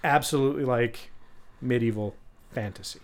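A man's voice: mid-range voice, moderate pace. A man co-hosting a podcast in casual, rambling chat, swearing freely and joking around. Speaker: podcast co-host.

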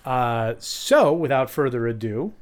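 A man's voice: mid-range voice, animated, unhurried. Guy cohosting a podcast, rambly, swears a lot, jokey. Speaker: podcast co-host. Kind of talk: casual chat.

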